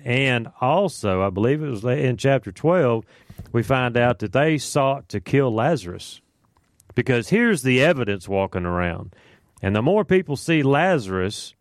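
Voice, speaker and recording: A man's voice: medium pitch, no echo, studio quality. A man leading a casual Bible study, explaining scripture in a conversational way with fillers and asides.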